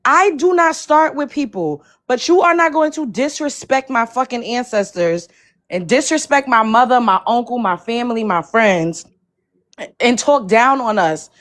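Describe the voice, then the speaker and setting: A woman's voice: fairly high pitch, lively intonation, a little slow, fairly bright tone. A woman on a livestream panel, talking in a combative, profane, emphatic way. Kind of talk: heated livestream panel talk.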